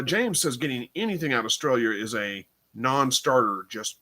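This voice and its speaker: A mid-range, animated voice, pushed and bright, comes at normal speed from a man hosting a laid-back livestream. He's tired and yawns, reading comments and rambling unsurely through his replies with many fillers.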